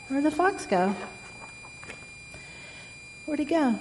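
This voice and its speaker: Storyteller: gentle woman reading to kids, slow and a bit high, echoey room. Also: animated, a little hiss or hum. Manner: gentle, asks the listener questions. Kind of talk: reading a picture book aloud.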